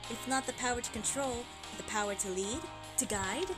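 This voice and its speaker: A woman's voice: a little high, moderate pace. A woman streaming a game and reacting emotionally, gushing and exclaiming as she plays. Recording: game music playing underneath.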